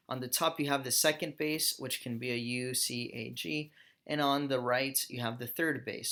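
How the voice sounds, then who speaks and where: A man's voice: mid-range voice, bright, forceful tone. A man, a professor, giving a recorded lecture over slides and explaining step by step, with small self-corrections.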